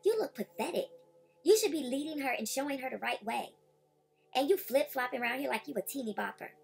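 A woman's voice: high voice, lively intonation, fairly quick, gravelly, a little mellow, soft background music. A woman vlogger ranting heatedly and confronting rivals directly. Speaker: YouTube commentator. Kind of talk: vlog rant.

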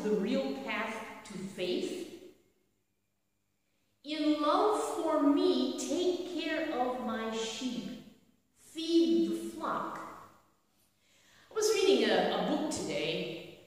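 Slow, echoey woman preaching. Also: on the high side. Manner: storytelling with frequent rhetorical questions. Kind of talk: sermon. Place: church sanctuary. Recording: echoey hall from a distant mic.

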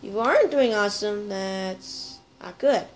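Woman, playful gameplay commentary, chatty with viewers, medium pitch, faint background hiss. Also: measured pace, poor audio. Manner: chatty, playful, talks to viewers while playing. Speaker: gameplay video host.

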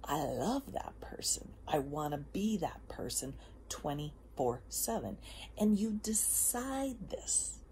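Woman host, low and husky-gravelly voice, casual motivational chat, whispery asides, faint background noise. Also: very animated, takes it slowly. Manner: emphatic, drifts between soft whispers and bursts. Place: outdoors.

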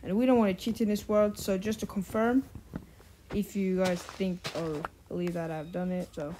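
A woman at a medium pitch gives casual commentary on her gameplay. She talks in a halting, hesitant way, full of fillers and restarts as she searches for words. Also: fairly even intonation, background noise. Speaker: gameplay video host.

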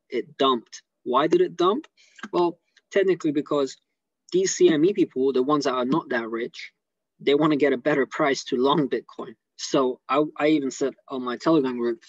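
A man with an English accent giving rambling, excitable commentary on a live stream over a video call. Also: on the high side, normal speed, no room sound, muffled recording. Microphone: computer mic on a video call.

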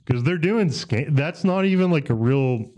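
A man's voice: a little high, expressive, normal speed, darkish tone. A man on a podcast, talking in a laid-back, rambling way with lots of fillers and swearing. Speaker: podcast host. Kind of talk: casual chat.

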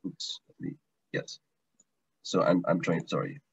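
Teacher, male, low husky voice, chatty and repetitive, dull lo-fi call audio. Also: very animated, unhurried. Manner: chatty, repeats words, restarts often. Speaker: language teacher. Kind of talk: online taster class, casual teaching. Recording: dull lo-fi online stream audio.

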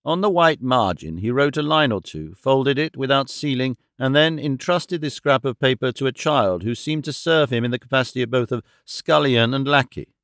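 A man narrating a classic novel audiobook in an even, steady storytelling manner. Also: medium pitch, normal speed, few pauses, smooth, no echo, studio quality.

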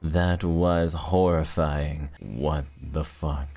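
A man's voice: extremely low pitch, level tone, very slow, dark tone, slight background noise. A young man streaming a game, joking around and playing with tongue twisters over game music. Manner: playful, tongue-twister goofing. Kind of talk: casual gaming stream chat.

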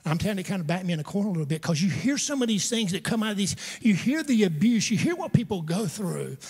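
A man's voice: high-pitched, big pitch swings, fast, darkish tone, slightly rough. A pastor preaching a storytelling sermon to his congregation, conversational and humorous, with asides to the listeners. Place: church sanctuary. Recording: long church hall reverb.

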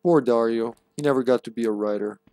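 A man's voice: mid-range voice, quick pace, warm tone, no echo, soft background music. A man streams a horror game live and comments as he plays. He jokes and throws in sarcastic asides. He talks back to his viewers in a casual way. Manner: joking, sarcastic, chatting with viewers.

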